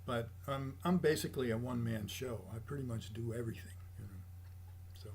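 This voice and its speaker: A man's voice: medium pitch, fairly quick. Older male guest, storyteller, mimics quoted voices, faint noise behind. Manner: animated anecdotes, acts out quoted voices. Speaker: guest, jazz bassist. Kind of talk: casual storytelling interview.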